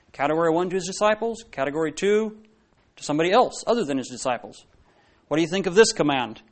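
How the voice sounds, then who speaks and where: A man delivering a sermon in a loose, conversational style. His voice sits a little higher than most men's, and he keeps putting questions to the congregation and backing up mid-sentence. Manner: conversational, asks the congregation questions, many restarts. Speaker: preacher.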